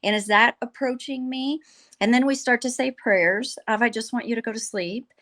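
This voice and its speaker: A woman's voice: on the high side, normal speed. Earnest woman telling a heartfelt story. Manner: earnest, animated storyteller who quotes others. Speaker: guest. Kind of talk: storytelling in a podcast conversation.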